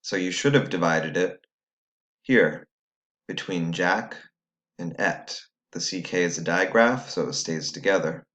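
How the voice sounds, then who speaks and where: A man's voice: low voice, a little slow, fairly bright tone. A man teaching a recorded phonics lesson, patiently explaining step by step to students at home.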